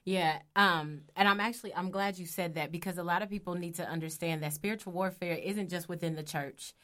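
A woman co-hosting a casual faith talk show, telling a personal story in an animated way and laughing often. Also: lowish voice, fairly quick. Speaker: podcast co-host.

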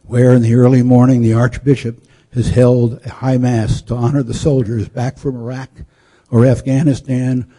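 A man narrates a historical story in a measured, solemn manner. His voice is deeply dark and mellow, with a husky grain. He reads steadily and sometimes trips over a word and repeats it. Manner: measured, solemn delivery with occasional slips.

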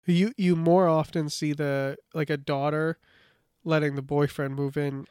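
A man's voice: a little high, little pitch movement, unhurried, a little mellow, clear, resonant tone, dry recording, studio quality. A man co-hosting a casual podcast, reacting bluntly with profanity and exasperation. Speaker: podcast co-host.

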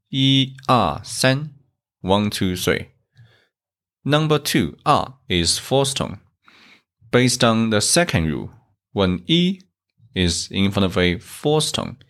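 A man's voice: low voice, a bit bright. A man teaching a beginner language lesson, explaining grammar step by step and repeating each example carefully. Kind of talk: slow, deliberate grammar lesson.

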